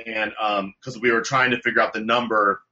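Bright-voiced man, teasing guest. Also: lowish voice, steady tone, fairly quick, muffled recording. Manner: joking, teasing. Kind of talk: casual teasing chat.

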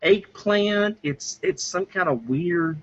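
A podcast co-host chats casually, enthusiastic and rambling, frequently starting his sentences over. He has a high-pitched, slightly bright voice and takes things slowly, captured on muffled lo-fi audio.

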